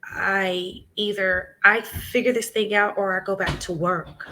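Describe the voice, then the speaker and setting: A woman's voice: mid-range voice, fairly even intonation, unhurried, sharp tone. A woman, telling her story animatedly in a casual interview and acting out the voices of people she quotes. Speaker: preschool owner and guest. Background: children nearby at home.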